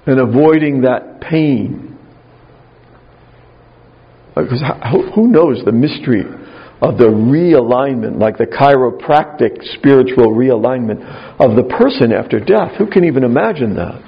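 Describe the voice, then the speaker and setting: A man with a gravelly, slightly husky voice gives a spiritual talk, conversational and wry, weaving in personal stories. The sound is a dull, lo-fi recording. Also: medium pitch, lively intonation, measured pace.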